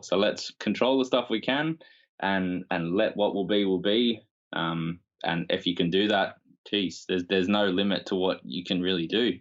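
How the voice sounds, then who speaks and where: A man's voice: low-pitched, lo-fi sound. A man hosting a podcast, talking in a reflective, rambling way with filler words. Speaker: podcast host. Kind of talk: casual conversation.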